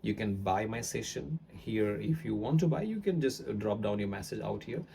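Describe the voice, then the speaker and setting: A man teaching accents to camera, explaining in a rambling way with frequent pauses. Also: fairly low pitch, animated, vocal fry, dark tone, a little hiss or hum.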